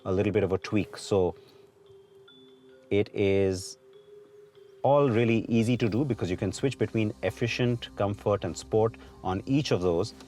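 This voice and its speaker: A man's voice: on the low side, moderate pace, dark tone. A man explaining car driving settings in a casual, explanatory way, with some fillers.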